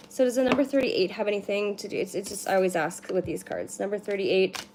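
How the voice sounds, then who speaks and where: Chatty woman giving a card reading. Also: mid-range voice. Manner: chatty, rambling, swears casually, many "like" fillers. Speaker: card reader. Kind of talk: casual livestream card reading. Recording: noisy with card shuffling and clicks. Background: shuffling cards and clicks.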